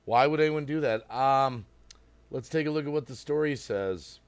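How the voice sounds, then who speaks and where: A man hosting a casual livestream, greeting viewers by name, reading chat aloud and rambling as he thinks out loud. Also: medium pitch, moderate pace, clear, resonant tone, no room sound. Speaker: livestream host.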